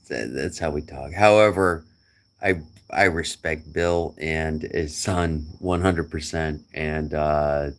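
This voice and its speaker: A middle-aged man chatting casually to a friend, rambling and joking with chuckles. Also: a bass voice. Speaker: vlogger.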